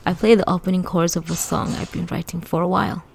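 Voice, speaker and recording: A woman's voice: lowish voice, fairly even intonation, fast talker, vocal fry, a little hiss or hum. A woman reading a first-person audiobook aloud in a conversational, wry teenage-narrator delivery. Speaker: audiobook reader.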